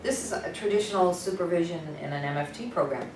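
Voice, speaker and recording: A brisk, insistent male supervisor, as a woman quotes him in her own voice, pushing the point quickly. The voice is lowish and distant, in an echoing room with steady background noise. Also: lightly acted. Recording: roomy, distant, noisy.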